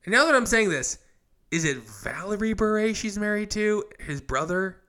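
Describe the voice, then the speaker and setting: A man's voice: sits high, normal speed. A young adult man co-hosting a podcast, chatting casually and gushing with enthusiasm. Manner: excitable, enthusiastic fan. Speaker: podcast co-host. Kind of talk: casual chat.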